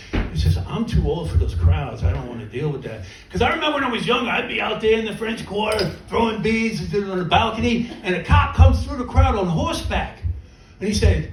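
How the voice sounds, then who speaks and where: A man's voice: sits high, a little hiss or hum. A middle-aged man doing a stand-up comedy set in a small club, telling self-mocking stories with punchlines. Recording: roomy venue, mic from a distance, laughing crowd. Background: audience laughter.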